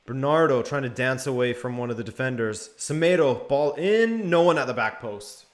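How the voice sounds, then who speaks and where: A man's voice: medium pitch, moderate pace. Casual man doing live match commentary. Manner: relaxed play-by-play mixed with chat replies.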